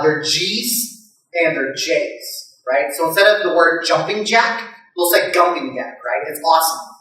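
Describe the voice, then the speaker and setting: Male stand-up comic, chatty with lots of fillers, forceful bright tone, heard from far off in a very echoey room. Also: high voice. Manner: chatty, with many fillers and loud mimicking voices. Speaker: stand-up comedian. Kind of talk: stand-up comedy set. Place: live comedy venue.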